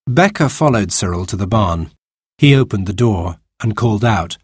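A man reading a children's storybook aloud in an expressive way. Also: lowish voice, moderate pace, breathy edge, dry recording, studio quality. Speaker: narrator.

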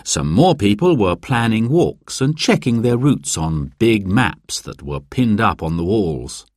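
A man giving a slow, clear, expressive narration of a children's storybook. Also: lowish voice, no room sound, studio quality. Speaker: audiobook narrator.

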